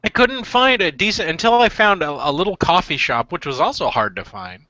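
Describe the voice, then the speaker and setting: A man's voice: high-pitched, expressive, fairly quick, sharp tone, dry recording. A man from California hosting a casual web show, telling stories animatedly and acting out quotes, over dull web call audio. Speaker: host.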